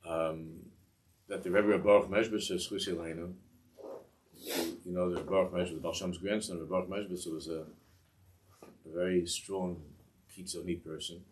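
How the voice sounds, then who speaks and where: A man with a very low voice tells a Hasidic tale to a class. He rambles and keeps restarting his sentences, and he sits well back from a distant mic. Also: steady tone, a little hiss or hum. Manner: rambling, halting, with many restarts and asides. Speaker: Torah teacher. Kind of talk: telling a Hasidic story in a class.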